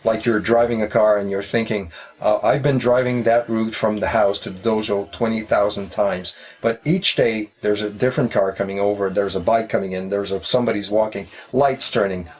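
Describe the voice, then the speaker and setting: Male guest, low husky voice, thoughtful explainer using everyday comparisons, casual podcast. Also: fairly even intonation, a little fast, few pauses, a little mellow, low-quality recording. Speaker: karate instructor guest.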